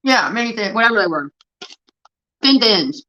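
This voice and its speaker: A woman's voice: medium pitch, lively intonation, normal speed, bright, forceful tone, poor audio. A woman livestreaming, telling a rambling, profane story in a casual chat that keeps getting sidetracked.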